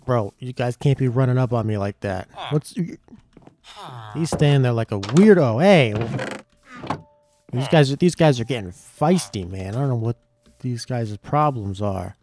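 A man giving casual gameplay commentary, excitable and swearing a lot, yelping when startled. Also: mid-range voice, measured pace, noisy background. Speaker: gaming YouTuber.

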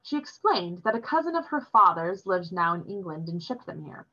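A woman reading a novel chapter aloud in a steady storytelling manner. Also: lowish voice, normal speed. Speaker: reader. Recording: dull lo-fi recording.

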